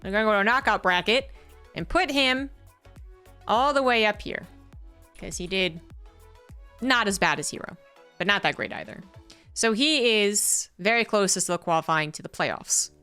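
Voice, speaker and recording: Chatty man explaining, bright crisp voice. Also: high-pitched, expressive, normal speed, pauses often, soft background music. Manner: chatty, self-correcting, walks through diagrams. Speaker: esports caster. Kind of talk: casual explainer video.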